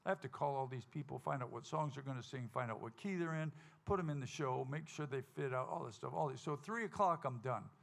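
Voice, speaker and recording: A man hosting a live country music show, telling a folksy, animated story to the audience and acting out the quotes. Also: medium pitch, brisk, vocal fry, few pauses. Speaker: stage host and singer at a country music show. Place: live music venue stage.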